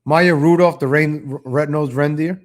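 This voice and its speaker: High-pitched mocking streaming man. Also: fairly even intonation, moderate pace. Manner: mocking, rambling, with frequent restarts. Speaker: live-stream political commentator. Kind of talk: casual live-stream commentary.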